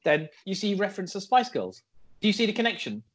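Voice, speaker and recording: A man's voice: high-pitched, sing-song, fast talker. A man co-hosting a comedy podcast in casual, teasing, rambling banter. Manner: teasing, rambling, playfully self-important. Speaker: podcast co-host.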